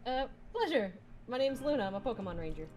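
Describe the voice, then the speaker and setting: A British woman playing a tabletop game, giggly and expressive. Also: a little high, quick pace, a little hiss or hum. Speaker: player. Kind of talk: tabletop role-play.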